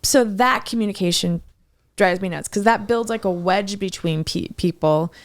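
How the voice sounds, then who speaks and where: Gravelly, animated woman chatting casually. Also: medium pitch, normal speed. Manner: animated storyteller, acts out quotes, laughs often. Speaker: podcast co-host. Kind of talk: casual chat.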